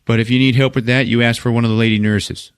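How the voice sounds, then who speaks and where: A man's voice: mid-range voice, little pitch movement, fast talker, smooth, natural voice. A man playing a brusque, crude male nurse in a psychiatric ward, retelling a horror film. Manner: blunt, crude, loud.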